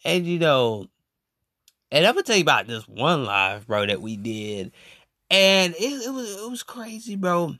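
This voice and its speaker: Young man, casual storytelling podcast, slangy, unhurried, pitch swinging up and down. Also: dry recording, studio quality. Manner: animated and slangy, every phrase ending on "bro".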